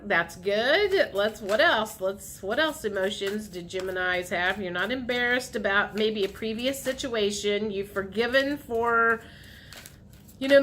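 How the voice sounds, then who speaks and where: A woman's voice: on the high side, fairly bright tone, slight background noise. A woman giving a casual tarot reading to her viewers, chatty and repetitive, sometimes acting out what the listener might say. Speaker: tarot reader.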